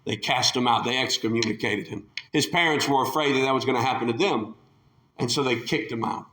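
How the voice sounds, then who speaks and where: A man preaching a sermon with passion, acting out the voices of the people in the story and rising to shouts. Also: medium pitch, fairly quick, roomy sound. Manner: impassioned, acts out the quotes with rising shouts.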